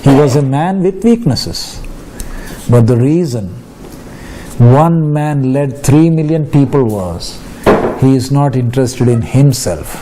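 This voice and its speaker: A man's voice: medium pitch, animated, slow pace, background noise. A male preacher giving a sermon, reading scripture aloud and questioning his listeners with emphasis.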